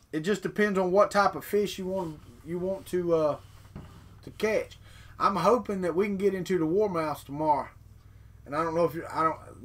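A man's voice: on the high side, fairly bright tone. A middle-aged man, chatting casually and telling rambling folksy stories on a morning live stream. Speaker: 3D printing vlogger reading chat.

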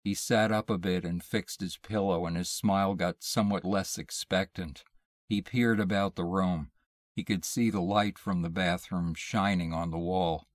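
A man reading a short story aloud in a measured, deliberate storytelling manner. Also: deep voice, dry recording, clean studio sound. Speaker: audiobook reader.

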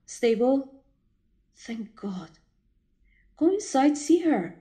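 A woman voicing a calm, wry female colleague who reassures and teases, in a whispered role-play. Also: sits high, drawn-out words, exaggerated voice. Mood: reassuring. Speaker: voice actor.

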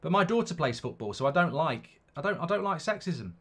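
A man's voice: on the high side, expressive, brisk, fairly bright tone. Guy doing a live football stream, reads out chat, rambles a lot, voice goes all over the place. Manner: rambling and opinionated, many restarts. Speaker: football watchalong host. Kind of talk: casual live-stream chat reading viewer comments.

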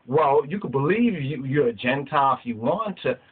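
A man's voice: medium pitch, lively intonation, moderate pace, breathy edge. A man teaching scripture with passion, in a streetwise preaching manner, often asking his listeners if they understand. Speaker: Rastafari teacher. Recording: tinny phone-like audio.

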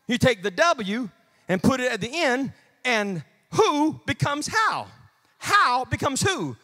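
A pastor preaching in church, his voice high and bright. He swings from hushed murmurs up to ringing shouts, pitch leaping all over. The delivery is animated and full of drive. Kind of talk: sermon.

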